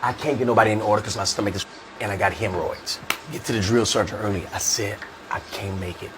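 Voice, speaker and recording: Sex: man. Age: middle-aged. Role: comedian. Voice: lowish. Delivery: animated, profane, sudden quiet asides. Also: fast talker, noisy background. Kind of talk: comic storytelling.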